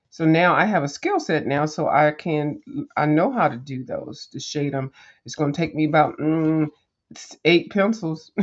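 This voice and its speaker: A woman's voice: deep voice, a little mellow. A woman chats casually as she pages through a coloring book, rambling from thought to thought with plenty of ums and restarts. She talks straight to her viewers, calling them "girl" and tossing in sassy little "mm-mm"s. The recording sounds a bit dull and lo-fi. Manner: rambling and chatty, with many fillers and restarts. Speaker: coloring channel host.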